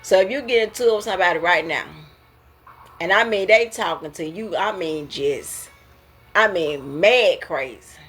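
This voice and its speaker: A woman hosting a casual talk about emotions, preachy and quick to laugh. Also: on the low side, fairly bright tone, breathy edge, faint music behind. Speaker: host.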